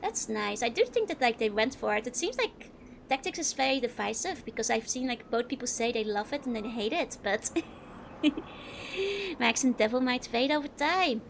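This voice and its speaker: A young woman from the Netherlands with a clear Dutch accent, streaming a game. Her voice sits high, and she chats loosely with viewers and giggles often between remarks. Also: animated, normal speed, a little hiss or hum. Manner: giggly, chatty, answering chat while playing. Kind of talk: casual game-stream chat.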